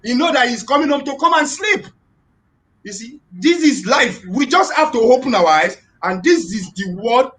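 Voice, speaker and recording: A man's voice: extremely high pitch, lively intonation, moderate pace, a bit bright, low-quality recording. A man calling in to a live chat, giving his opinion in a preachy way, repeating points and invoking God. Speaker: caller. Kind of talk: earnest call-in opinion.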